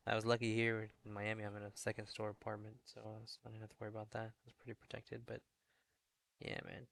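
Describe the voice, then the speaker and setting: A young man chats casually to stream viewers about his fantasy team. His voice sits low and gravelly with a flat, even tune. He keeps it hushed, half-whispering so as not to carry down the hallway. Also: fast, slight background noise. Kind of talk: casual live-stream chat. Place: indoor hallway.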